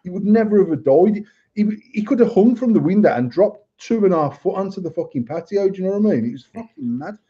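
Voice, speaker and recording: Bloke, kinda high voice, sweary rambling stories, muffled lo-fi sound. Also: male voice, animated, quick pace, slightly rough. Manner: swears freely, rambling anecdotes. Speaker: podcast co-host. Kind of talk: casual storytelling. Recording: dull lo-fi audio.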